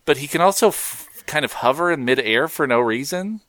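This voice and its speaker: A man's voice: on the high side, brisk, dry recording. A man co-hosting a podcast, bantering casually and laughing easily. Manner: animated, joking, laughs easily. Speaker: podcast co-host.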